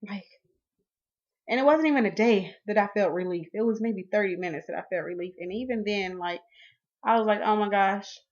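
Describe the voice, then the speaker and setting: A woman in her twenties telling a personal story to her viewers, animated and acting out what she and others said. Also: mid-range voice, lo-fi sound. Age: 20s. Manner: animated, acts out her own and others' quoted lines. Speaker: vlogger.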